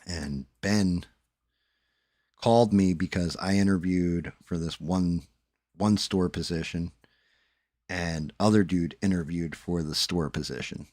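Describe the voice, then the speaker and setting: A man's voice: low-pitched, slow, darkish tone, no echo, studio quality. A man hosting a live stream, telling stories casually and swearing freely. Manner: laid-back storytelling with swearing.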